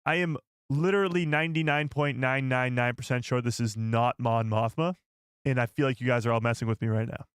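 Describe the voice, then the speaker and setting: A man hosting a live stream and reacting to a trailer, excitable and incredulous, talking straight to his chat. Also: medium pitch, brisk, smooth, no echo, studio quality.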